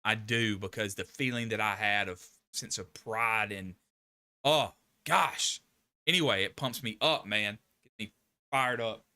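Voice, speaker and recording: A man's voice: lowish voice, a little slow, pushed and bright, no echo. Rambling man on a live stream. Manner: rambling, emphatic, with frequent restarts and laughs. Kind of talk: casual live stream chat.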